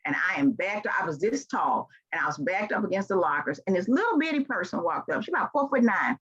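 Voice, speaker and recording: Speaking brisk and very animated with hardly a pause, this older Southern woman from Memphis, Tennessee delivers a warm, folksy motivational keynote. Her medium-pitched voice is a bit bright with a breathy edge, captured on dull, lo-fi audio.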